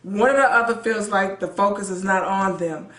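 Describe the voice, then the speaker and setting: A woman's voice: mid-range voice, normal speed, fairly bright tone. Earnest woman co-host in an echoey room. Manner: earnest, repeats words as she tells stories. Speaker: pastor's wife and co-host. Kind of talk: conversational storytelling.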